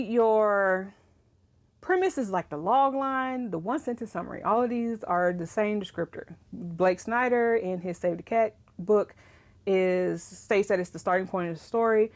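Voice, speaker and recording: A young woman talking straight to camera in a loose, chatty way. She rants with lots of energy and breaks into laughs often, at an ordinary mid-range pitch. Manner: animated, ranting, laughs often. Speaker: writing vlogger. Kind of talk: casual chat to camera.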